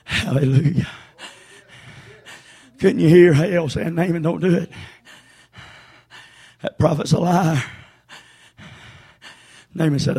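A man preaching a sermon as pastor, swinging between shouted refrains and quieter storytelling. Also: on the high side, slow, creaky, long pauses, husky. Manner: shouting, chanting preacher with sudden hushed storytelling.

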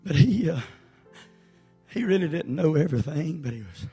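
A man preaching a sermon as pastor, swinging between shouted refrains and quieter storytelling. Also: on the high side, expressive, moderate pace, faint music behind. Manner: shouting, chanting preacher with sudden hushed storytelling.

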